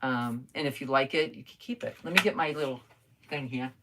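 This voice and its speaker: A woman's voice: a bass voice, a little fast, heavy background noise. An older woman chatting casually while crafting on a live stream, talking to herself and answering viewer comments.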